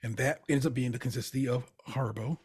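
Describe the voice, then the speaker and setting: A man co-hosting a podcast, chatting casually while recapping a TV show, playful and animated, sometimes dropping into quiet asides. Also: mid-range voice, fast talker, husky. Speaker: podcast co-host.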